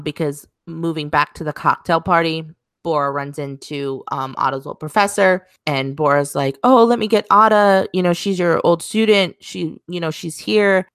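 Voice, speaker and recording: Woman, low voice, casual chat, hesitant with ums, dry sound. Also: fairly bright tone, dry recording. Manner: talks in hesitant stops and starts with many ums. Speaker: podcast co-host discussing a TV drama.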